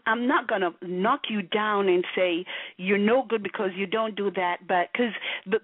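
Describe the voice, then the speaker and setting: A woman's voice: medium pitch, dry recording. A woman gives a preachy, profane monologue to camera, emphatic and blunt, repeatedly asking "you know". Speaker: vlogger. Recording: tinny, phone-like and dry.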